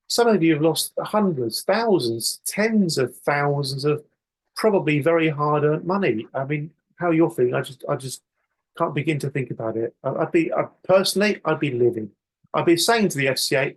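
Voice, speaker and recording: A man's voice: a little high, fairly quick, slightly rough. A man chairing a campaign meeting, talking emphatically and acting out indignant outbursts. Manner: animated, emphatic, acts out indignant rants. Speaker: meeting host.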